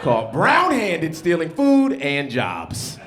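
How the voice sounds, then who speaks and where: A man voicing a pompous male TV news anchor with a slow, drawn-out announcer delivery, recorded live with loud background noise. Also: a little high, huge pitch swings, pitched above the performer's own voice, exaggerated voice. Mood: dramatic.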